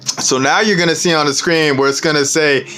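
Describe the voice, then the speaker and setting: A man's voice: a little high, steady tone, a little fast, sharp tone. A man hosting a casual show, reading a storybook aloud and breaking off for preachy asides, with "man" and "okay" in nearly every line. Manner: laid-back, peppers talk with "man" and "okay". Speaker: show host.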